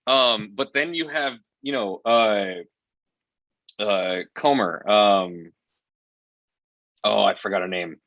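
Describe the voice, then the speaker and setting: A man's voice: lowish voice, slow pace, long pauses, no echo, highs cut off. A man reviewing a film in casual chat, rambling and profane, often exasperated.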